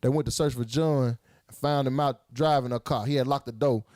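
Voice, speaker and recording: A man co-hosting a podcast in casual chat, telling stories in an animated way and mimicking other people's voices. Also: medium pitch, fairly quick. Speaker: podcast co-host.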